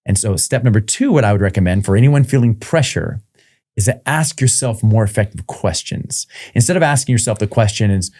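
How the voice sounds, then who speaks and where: A man, a performance coach, telling lively stories in an interview and acting out the voices of the people he quotes. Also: fairly low pitch, brisk. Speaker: performance psychology coach, guest. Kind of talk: interview storytelling.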